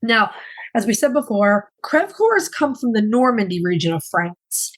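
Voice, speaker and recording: A woman's voice: a little high, big pitch swings, moderate pace, rough recording. A woman co-hosting a podcast in casual chat, with a chatty, dry sense of humor. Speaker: podcast co-host.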